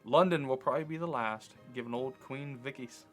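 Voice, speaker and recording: A man voicing a gruff, grumbling woman engineer, reading her lines aloud from a game's text, a touch louder than his own talk. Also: medium pitch, brisk, faint music behind, lightly acted. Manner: read aloud from game text, slightly louder.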